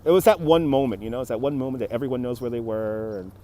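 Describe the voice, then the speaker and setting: He's a fast-talking livestream host from New York City with a medium-pitched, warm voice, strolling outdoors along a city riverfront. Chatty and quick to laugh, he greets viewers by name while reading their comments during the walking-tour stream, shot on a phone on a handheld gimbal.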